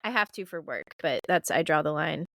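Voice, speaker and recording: A woman's voice: sits low, animated, a little fast, a bit bright, no room sound, clean studio sound. A woman co-hosting a podcast in casual chat, reacting playfully and laughing often. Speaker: podcast co-host.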